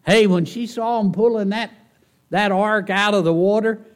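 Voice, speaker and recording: A man preaching a sermon in church, folksy and animated, often asking the congregation rhetorical questions. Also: high voice, normal speed. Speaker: pastor.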